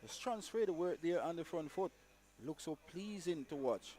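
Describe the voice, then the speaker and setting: Calm male cricket co-commentator. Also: fairly high pitch, moderate pace. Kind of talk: live sports commentary.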